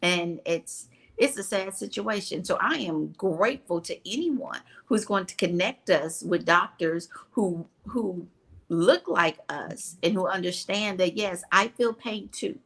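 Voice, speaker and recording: A woman's voice: mid-range voice, measured pace, a bit bright. A woman co-hosting a talk show, telling a personal story in an earnest, emotional way. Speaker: co-host. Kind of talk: casual talk show chat.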